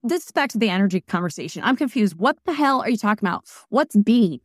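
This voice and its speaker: Being interviewed, this wellness practitioner in her forties talks fast, at a medium pitch, in a casual, emphatic and lively way. She keeps hopping from aside to aside, and the clean studio sound has no room noise.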